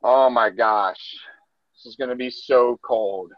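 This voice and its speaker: Speaking slowly in a mid-range voice, a father jokes with his daughter and grumbles theatrically as they step outside into the snow at night. This casual family vlog was shot on a handheld phone at home. The audio sounds dull.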